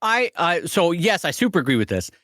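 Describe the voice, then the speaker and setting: A man co-hosting a podcast, chatting in an animated, joking storytelling way. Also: fairly high pitch, fairly quick, no echo, studio quality. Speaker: podcast co-host. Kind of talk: casual podcast chat.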